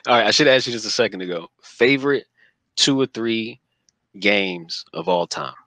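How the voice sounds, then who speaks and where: A man's voice: on the low side, fairly bright tone, no room sound. A man hosting a casual podcast interview, asking questions in a laid-back way. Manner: laid-back, asks questions, quick laughs. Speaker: podcast host.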